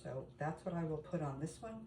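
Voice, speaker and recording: Mom type talking thru a recipe, kinda low voice, roomy kitchen echo. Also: female voice, lively intonation, brisk, warm tone, slight background noise. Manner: chatty, talks straight to viewers. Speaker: home cooking vlogger. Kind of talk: casual cooking demonstration. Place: home kitchen.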